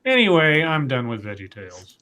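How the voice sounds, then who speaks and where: A man's voice: medium pitch, huge pitch swings, a little fast, sharp tone. A man co-hosting a casual show, reading articles aloud and dropping dry, wry asides. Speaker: co-host reading news stories.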